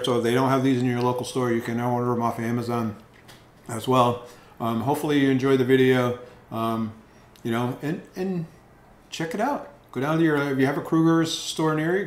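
A man hosting a casual food review vlog, rambling with repeated words and lots of ums. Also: medium pitch. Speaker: food reviewer, channel host. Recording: echoey room with faint noise.

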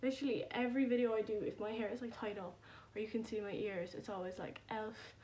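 Young woman, casual vlog chat, rambling, self-deprecating, filmed on a phone at home, mid pitch, faint background hiss. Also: fast talker, mellow. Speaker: vlogger. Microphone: phone camera.

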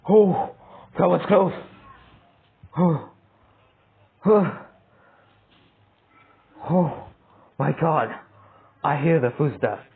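A man's voice: fairly high pitch, slow pace, creaky, long pauses, slightly rough. A man commentating his own horror game play, talking to himself, laughing and yelping when startled. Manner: excitable, yelps and laughs at scares, talks to himself. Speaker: gamer playing a horror game. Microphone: phone mic. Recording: tinny phone-like sound.

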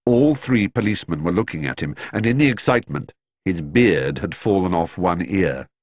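A man narrating a children's storybook with a low, slightly husky voice and a very lively, expressive melody. The recording is dry and close. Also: moderate pace, no room sound. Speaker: audiobook narrator.

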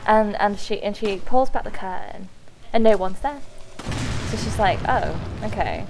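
A woman's voice: medium pitch, animated, vocal fry, noisy background. Giggly young woman telling a story. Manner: giggly, halting, lots of ums and likes. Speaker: co-host telling a creepy story. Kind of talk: casual storytelling over gameplay.

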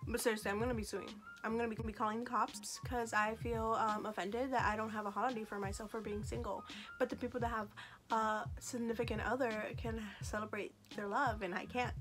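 A woman's voice: fairly high pitch, flat delivery, a little fast. A woman vlogger chatting casually to camera in a sassy, joking, self-mocking way. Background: faint background music.

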